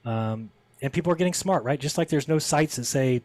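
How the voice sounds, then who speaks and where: A man's voice: mid-range voice, fairly quick, a little mellow, no room sound. A man as a podcast guest, telling a story in casual conversation and acting out the people he quotes with a raised voice.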